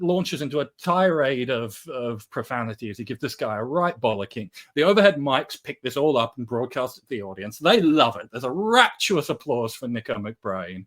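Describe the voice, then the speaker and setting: A man co-hosting a music podcast tells a story casually. His pitch swings widely as he tells it. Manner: animated, lively storyteller. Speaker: podcast co-host.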